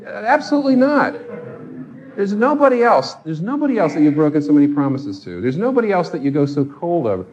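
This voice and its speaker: A man's voice: a little high, very animated, brisk, a little mellow, lo-fi sound. A man preaching a sermon with passion, pressing his listeners with pointed rhetorical questions. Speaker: pastor.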